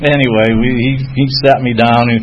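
A man's voice: mid-range voice, steady tone, a little fast. A man with a Boston accent sharing a personal recovery story in a rambling way, with many fillers and frequent chuckles. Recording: dull lo-fi recording with faint noise.

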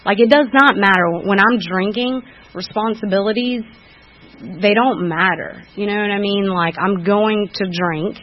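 A woman's voice: medium pitch, a little slow. A woman giving a candid personal recovery testimony at a meeting, frank and self-critical, often restarting with fillers. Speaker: speaker sharing at a recovery meeting. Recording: dull lo-fi recording.

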